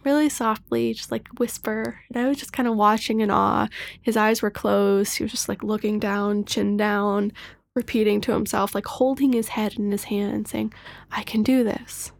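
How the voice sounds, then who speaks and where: Woman, podcast host, soft reflective chat, vocal fry, emotional and candid, laughs often. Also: mid-range voice, fairly even intonation, normal speed. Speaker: health coach. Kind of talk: casual personal podcast monologue.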